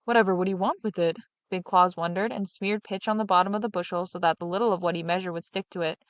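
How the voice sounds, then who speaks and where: A woman reading a fairy tale aloud as a storyteller, in a steady, even narration. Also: fairly low pitch, quick pace, dry recording.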